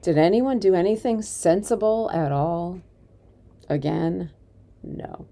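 A woman reading a children's novel aloud as a community volunteer, expressive and varied, dropping softly at times. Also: lowish voice, slow. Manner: expressive, varied storytelling with soft dips.

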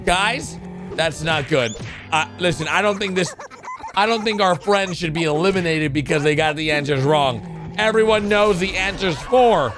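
A man commenting excitedly on cartoon animations, jumping between low murmurs and sudden shouts and gasps. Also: moderate pace. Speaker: gaming YouTuber. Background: background music.

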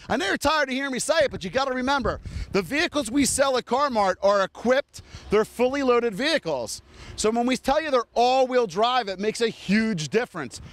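A car dealership salesman doubles as host of a TV commercial, pitching hard outdoors on the lot. He rattles through features at a rapid clip with plenty of enthusiasm, addressing both the viewers and the person behind the camera.

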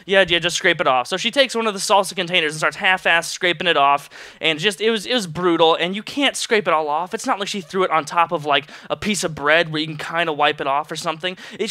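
A young man telling a casual, profane storytime rant to his viewers, exasperated and animated as he recounts a bad meal. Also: fairly high pitch, clear, resonant tone, dry recording, clean studio sound. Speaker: vlogger.

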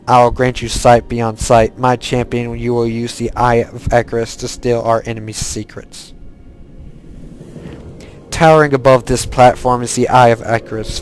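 A man's voice: mid-range voice, a little mellow, lightly acted, rough recording. A man putting on the Lich King. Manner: solemn, commanding, put-on accent. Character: undead tyrant king, male, cold and commanding. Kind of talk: reading quest text aloud in character.

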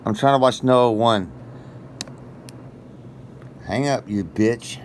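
A man prank-calling phone scammers, talking in crude, profane, deliberately absurd rambles. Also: medium pitch, a little hiss or hum. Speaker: prank caller baiting scammers. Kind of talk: casual phone prank banter.

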